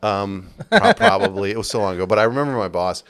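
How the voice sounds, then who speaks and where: A man's voice: fairly low pitch, fast, gravelly. A man guest on a podcast, telling his stories casually and animatedly, acting out the people he quotes. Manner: animated, acts out quoted bosses in raised voices. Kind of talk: casual storytelling. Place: based in Las Vegas.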